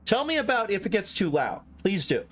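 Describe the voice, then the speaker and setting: A man's voice: high-pitched, very animated, a little fast, a bit bright. A man from the American South giving casual, chatty commentary on his own gameplay and talking straight to his viewers. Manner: chatty, talks straight to chat. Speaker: streamer.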